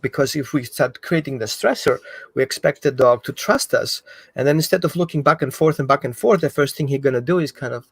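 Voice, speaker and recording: A man explaining dog training in an animated way, acting out what the dog thinks. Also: mid-range voice, brisk, vocal fry, husky, dry recording. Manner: animated, acts out the dog's thoughts. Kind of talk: explanatory talk.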